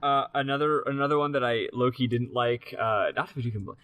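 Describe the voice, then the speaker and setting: Man, podcast co-host, casual chat, rambling analytical talk, mid pitch. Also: fairly quick, fairly bright tone. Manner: rambling, analytical, many filler restarts.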